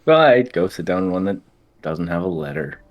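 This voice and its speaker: Playful low-voiced male player. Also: sing-song, normal speed, creaky, muffled recording. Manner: playful, joking. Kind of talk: playing a tabletop game.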